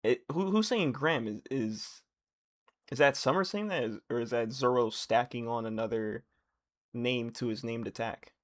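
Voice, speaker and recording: A young man on a live stream reacts to what he's reading at a moderate pace. He shifts from low muttering to loud, surprised outbursts and often repeats phrases.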